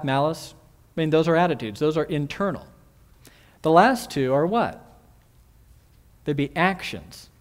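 Man, sermon, earnest, slightly high voice, rhetorical questions. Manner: earnest, repeats key phrases, asks the listeners rhetorical questions. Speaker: pastor. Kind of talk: expository sermon.

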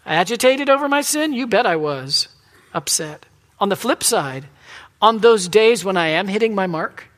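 A preacher delivering a confessional sermon, swinging between loud emphatic points and soft, near-whispered asides. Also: medium pitch.

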